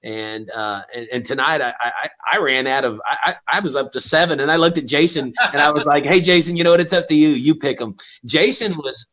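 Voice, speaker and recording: A man's voice: on the high side, a little fast, few pauses, a bit bright. A man co-hosting a livestream concert show, chatting casually and telling a joke with many restarts. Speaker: co-host.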